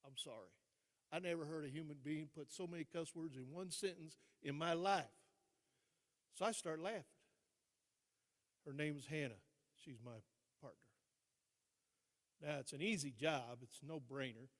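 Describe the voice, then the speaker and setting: An older man, a retired teacher and coach, telling stories as a guest speaker, with dramatic pauses and repeated phrases for emphasis. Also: a little high. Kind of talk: motivational storytelling speech. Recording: long reverb in a large hall.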